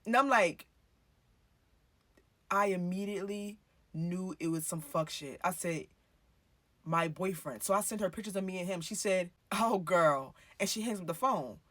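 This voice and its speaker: A woman's voice: lowish voice, moderate pace, pauses often, a bit bright, dry recording. Chatty, swearing woman telling a story. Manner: chatty, swears freely, acts out her own past dialogue. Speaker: storytime vlogger. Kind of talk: casual storytime monologue.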